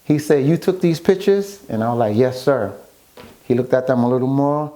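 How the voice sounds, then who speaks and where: A man's voice: mid-range voice, normal speed. A man telling his story in a casual interview, acting out what others said to him as he goes. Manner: animated storyteller acting out quoted dialogue. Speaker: guest, author and photographer.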